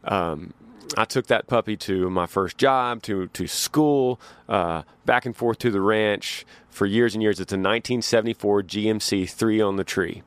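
A man hosts a podcast, spinning rambling, folksy stories full of restarts. His voice sits low, and it is recorded dry and close with no room sound. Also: moderate pace, clean tone, no echo. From Texas. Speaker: podcast host. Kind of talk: casual storytelling.

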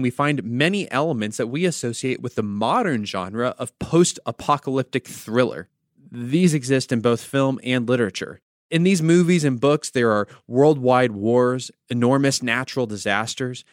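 Man, podcast host, devotional teaching, wry asides, mid pitch, dry recording. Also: dry recording. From United States.

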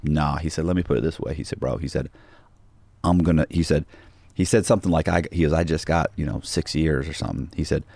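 Middle aged guy rambling thru a story on a podcast, deep voice, dry mic, keeps restarting. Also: fairly even intonation, quick pace, creaky, a little mellow, slightly rough, dry recording. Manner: rambling, restarts, acts out quoted dialogue. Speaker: podcast guest. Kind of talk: casual storytelling.

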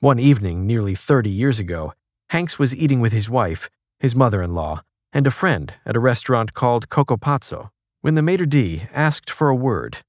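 Man, magazine profile narration, measured reading, softer for quotes, dry close sound. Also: medium pitch, expressive, no room sound. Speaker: article narrator.

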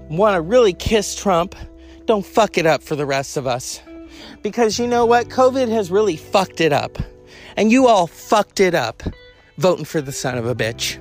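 A speaker from California delivering an angry political rant to the camera, sarcastic and profane, firing off rhetorical questions. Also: mid-range voice.

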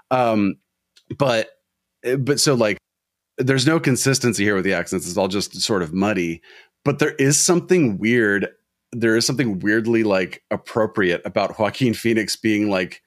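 Film podcast co-host, man, low-set voice, wry and analytical, casual ramble. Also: animated, normal speed, no room sound, studio quality. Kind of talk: casual discussion.

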